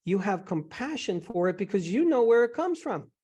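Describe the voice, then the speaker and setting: Gentle reassuring male coach, slightly high voice. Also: sing-song, moderate pace, husky. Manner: gentle, reassuring, guiding with examples. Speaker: host and eating psychology coach. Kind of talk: coaching session.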